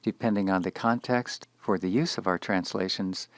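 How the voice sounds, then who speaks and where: Low gravelly man explaining grammar. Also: steady tone, no room sound. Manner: measured and explanatory, slowing to spell out Hebrew words. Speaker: Hebrew grammar teacher. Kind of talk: scripted lecture.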